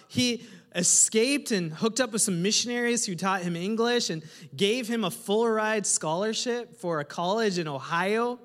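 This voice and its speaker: A male pastor preaching a humorous, animated sermon to his congregation, often putting questions to the listeners. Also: high-pitched. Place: church hall with a congregation. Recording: reverberant hall.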